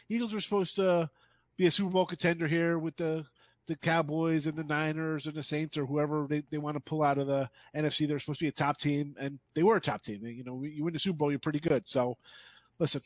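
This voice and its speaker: A man's voice: a little high, no echo. A man giving sports betting picks as a guest handicapper, speaking bluntly and emphatically with scorn.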